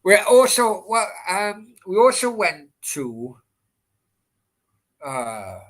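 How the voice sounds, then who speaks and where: A man's voice: high voice, sing-song, drawn-out words, a bit bright. A man hosting a football live stream, telling a rambling anecdote and swearing constantly. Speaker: football channel host.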